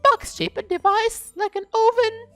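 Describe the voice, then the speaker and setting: A man voicing a clingy, sweet female kraken monster girl in an eager, doting falsetto while reading a game's dialogue. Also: fairly even intonation, a little slow, a bit bright, dry recording, soft background music. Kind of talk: reading game dialogue aloud.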